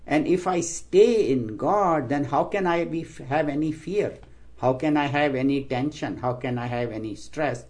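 A man giving a spiritual talk, explaining scripture terms and telling stories, acting out the quoted voices with raised pitch. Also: darkish tone. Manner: storytelling, acts out quoted voices with rising pitch. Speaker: spiritual teacher. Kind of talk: sermon with stories and jokes.

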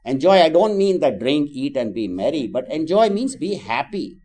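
Male spiritual teacher, mellow and gentle, easy storytelling. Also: fairly high pitch, sing-song, moderate pace. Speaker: Gita class teacher. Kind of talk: spiritual class talk with stories.

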